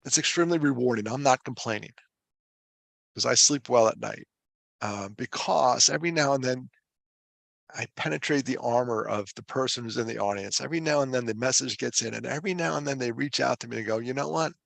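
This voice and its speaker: A man with a middle-pitched, gravelly voice tells his story conversationally, mixing self-deprecating jokes with earnest, emphatic points. The sound is dry and close. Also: a little fast, no echo. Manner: animated, self-deprecating humor with laughs; earnest and emphatic when driving a point home. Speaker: foundation director and suicide prevention speaker.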